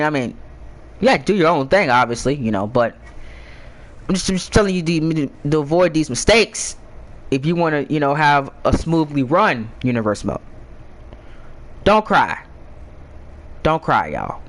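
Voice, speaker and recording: A young man talks casually to his viewers with a lively, swooping pitch. He rambles, repeats himself and restarts his sentences often. His tone is playful and teasing. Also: moderate pace, long pauses, low-quality recording. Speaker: gaming YouTuber. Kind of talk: casual advice chat to viewers.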